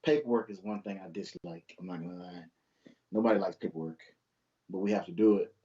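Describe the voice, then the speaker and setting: This young officer speaks fairly quickly in a low-sitting voice with a dark tone, captured on dull-sounding audio. As an interview guest, he keeps things easygoing while telling stories about police work.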